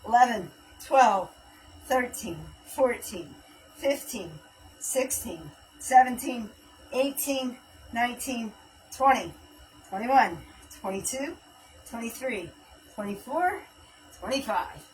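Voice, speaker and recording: Counting reps out loud during a live home workout stream, a woman chats casually and sounds a little breathless. She speaks slowly with long pauses, in a fairly high, lively voice; the mic is distant, there's slight background noise, and the audio quality is poor.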